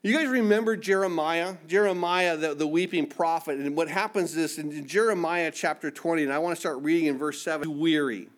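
A man's voice: a little high, fairly quick, few pauses. A man preaching a sermon, emphatic and repetitive, acting out the voices of scripture figures.

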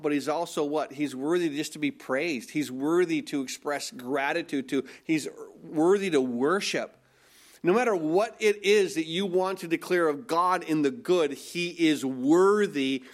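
Earnest, fairly high-voiced male preacher. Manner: earnest, emphatic preaching with rhetorical questions and repetitions. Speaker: pastor. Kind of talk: sermon.

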